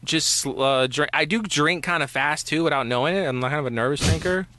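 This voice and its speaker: Bright-voiced man in his thirties. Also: fairly high pitch, brisk. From Houston area. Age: 30s. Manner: relaxed, rambling, many fillers. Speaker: guest comedian. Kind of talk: casual podcast chat.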